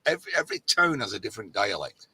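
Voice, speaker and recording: A man's voice: fairly low pitch, very animated, rapid-fire, sharp tone, breathy edge. A man on a casual live chat, teasing and jokey.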